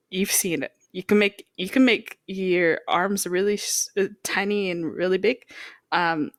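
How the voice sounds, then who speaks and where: A young woman co-hosting a casual podcast, explaining her points in a relaxed way with lots of fillers and giggles. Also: on the low side, dry recording, clean studio sound. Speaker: podcast co-host. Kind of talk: casual chat.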